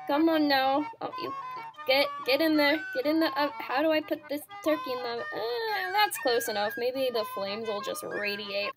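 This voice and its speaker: A woman's voice: high-pitched, normal speed, soft background music. A woman giving casual gameplay commentary, playing a jokey cooking-show host and laughing at herself. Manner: giggly and self-mocking. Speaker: gaming YouTuber.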